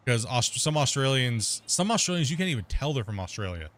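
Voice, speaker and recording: A man hosting a casual multiplayer gaming chat, talking extremely fast and rambling with restarts. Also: mid-range voice, very animated, fairly bright tone. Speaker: streamer host.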